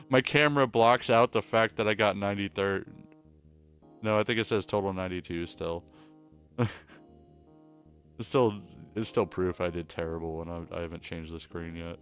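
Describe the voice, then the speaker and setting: A man's voice: low-pitched, fairly even intonation, normal speed, pauses often, fairly bright tone, faint music behind. A man streaming from home, chatting casually in a rambling, crude, joking way. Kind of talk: casual livestream chat.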